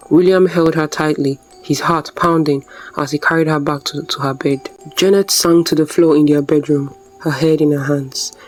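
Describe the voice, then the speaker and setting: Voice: medium pitch, a little mellow, low-quality recording. A storyteller narrating a scripted folktale in a dramatic, suspenseful way.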